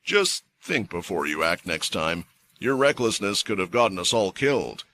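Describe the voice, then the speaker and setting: A man voicing a calm, big old male healer mage in a fantasy story recap, speaking quietly and matter-of-factly. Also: moderate pace, a little hiss or hum, exaggerated voice. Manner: matter-of-fact, quiet and low.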